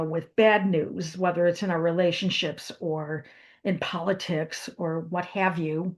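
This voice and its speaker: A woman giving a reflective talk on meditation, speaking with fillers and restarts. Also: lowish voice. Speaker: meditation teacher. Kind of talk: spoken wellness talk.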